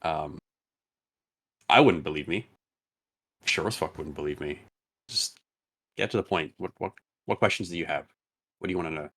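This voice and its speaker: A man playing a weary, blunt male adventurer in a tabletop game, gruff and frank. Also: a bass voice, moderate pace, pauses often, fairly bright tone, pitched below the performer's own voice, heavily acted.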